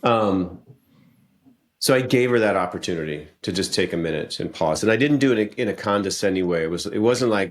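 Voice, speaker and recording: Low male podcast guest, earnest coaching tone, casual and repetitive. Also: animated, a little fast. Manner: earnest, coaching men directly, frequent restarts.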